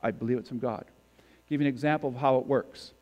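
A man's voice: medium pitch, fairly even intonation, fast talker, lo-fi sound. A man giving a sermon as a guest preacher, talking in a conversational way and putting questions to the congregation. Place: church sanctuary.

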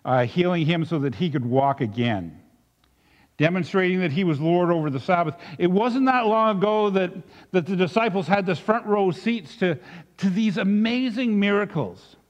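A male pastor preaching a sermon in a reflective way, dropping soft and then rising with emphasis. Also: sits high, expressive, moderate pace. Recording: dull recording with long reverb.

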